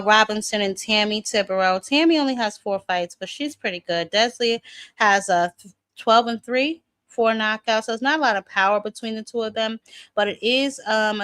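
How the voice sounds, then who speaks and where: A woman's voice: medium pitch, fairly bright tone, dry recording, studio quality. A woman hosting a casual boxing livestream, chatting loosely and greeting viewers by name. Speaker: boxing channel host.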